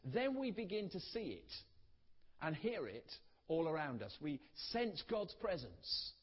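Preacher in an echoing hall. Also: male voice, on the high side, sing-song, measured pace, breathy edge. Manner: earnest, storytelling, trailing off on key words. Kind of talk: sermon. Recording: dull recording in a reverberant hall.

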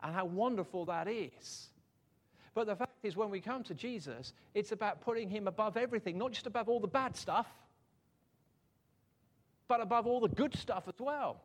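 A man gives a relaxed, conversational sermon in a notably high voice. He is self-deprecating, chuckles easily, and stumbles over repeated words as he thinks aloud. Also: moderate pace. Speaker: preacher.

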